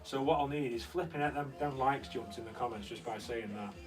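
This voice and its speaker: A young man hosting a relaxed live stream, rambling through stories and reading out viewer comments as he answers them. He sits a bit back from the microphone, and faint guitar music plays in the background of the room. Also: mid-range voice, fairly quick. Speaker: host. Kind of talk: casual live-stream chat. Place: converted recording studio room. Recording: slightly distant mic with faint guitar music.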